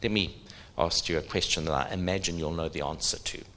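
A middle-aged man preaching a sermon, animated, asking the audience questions. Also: low voice, fairly quick, slight background noise.

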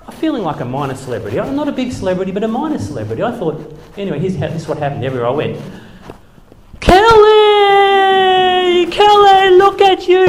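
A man's voice: on the high side, a little mellow, a little hiss or hum. A middle-aged man, a former church leader telling self-deprecating stories to a live audience. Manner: self-deprecating, wry, chuckling asides. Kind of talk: humorous storytelling talk. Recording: echoey hall.

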